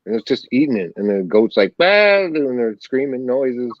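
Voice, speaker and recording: A man's voice: medium pitch, a little fast, no room sound. A man chatting casually as a guest, playful and jokey. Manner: playful, jokey, laughs often. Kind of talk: casual chat. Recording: dull lo-fi dry sound.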